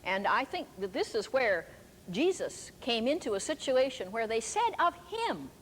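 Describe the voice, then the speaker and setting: An older woman preaching a sermon, telling stories emphatically. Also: fairly high pitch. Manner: emphatic storytelling. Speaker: preacher and teacher. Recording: echoey hall with faint background noise.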